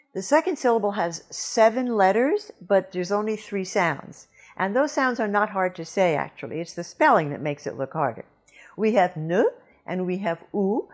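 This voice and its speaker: A lower-pitched woman teaching pronunciation in a scripted video lesson. She speaks slowly and carefully, spelling out and modeling each sound. Soft music plays faintly behind her. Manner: slow, careful demonstration of sounds.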